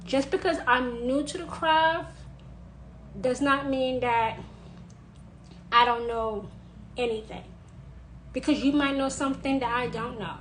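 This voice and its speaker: A woman with a high voice speaks insistently, driving each point home by saying it again and again. Her emphatic monologue comes over a faint hiss of background noise. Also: a little slow, pauses often, a bit bright, rough recording. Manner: insistent, repeating phrases for emphasis. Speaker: witch sharing advice.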